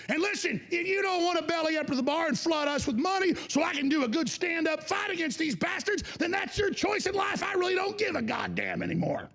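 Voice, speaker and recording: A male talk show host delivering an angry, profane broadcast tirade, shouting often. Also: very high voice, creaky, husky. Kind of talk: ranting broadcast monologue.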